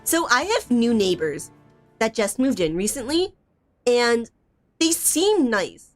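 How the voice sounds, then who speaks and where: A woman's voice: on the high side, very animated, slow, faint music behind. Chatty young woman gaming streamer. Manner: chatty, giggly, lots of "like" and "bro". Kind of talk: casual gaming stream chat.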